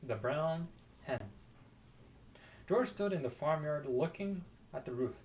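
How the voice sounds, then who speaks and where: A man reading a children's book aloud, expressive with dramatic pauses. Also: on the high side, a little hiss or hum. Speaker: storybook reader.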